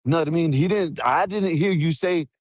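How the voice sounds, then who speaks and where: A man's voice: on the high side, moderate pace, no echo, clean studio sound. A man on a live stream panel, defending himself in a stammering, repetitive way. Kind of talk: heated argument on a live stream.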